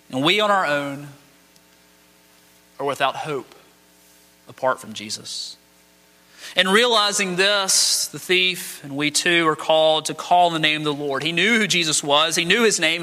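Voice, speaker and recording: Male pastor, high bright voice, dramatic sermon delivery, long hall reverb. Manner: dramatic, acts out quoted speech.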